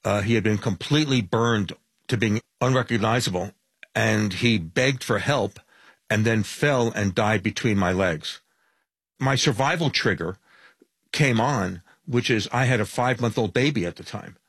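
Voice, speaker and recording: Deep-ish husky man telling his survival story slow and vivid, dry. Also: a bit bright, dry recording. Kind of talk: interview testimony.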